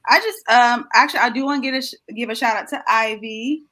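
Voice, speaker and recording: A woman's voice: a little high, quick pace, sharp tone. A woman co-hosting a casual live-stream chat, affirming and encouraging as she thanks viewers. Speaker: co-host.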